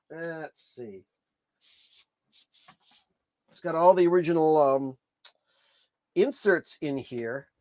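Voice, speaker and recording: A man's voice: a little high, no room sound. A man hosting a casual livestream, chatty and enthusiastic, rambling with restarts. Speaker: livestream host, record collector.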